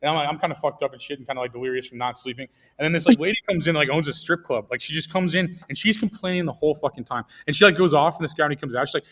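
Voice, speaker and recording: Fast-talking man on a podcast. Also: a little high, a bit bright. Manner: rambling, profane storytelling. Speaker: podcast host. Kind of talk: casual comedic chat.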